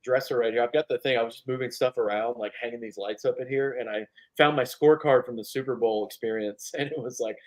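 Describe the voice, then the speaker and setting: A man's voice: mid-range voice, fairly even intonation, fast, few pauses. Ranting sports podcast co-host, man. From North Carolina. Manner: emphatic, ranting, swears freely. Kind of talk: casual sports chat.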